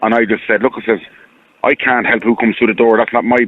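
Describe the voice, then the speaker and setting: A man's voice: mid-range voice, flat delivery, fast, dry recording. A man with an Irish accent calling in to a radio show, telling his story in a rambling, earnest way and repeating himself. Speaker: caller. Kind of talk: phone-in radio call. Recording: tinny phone line.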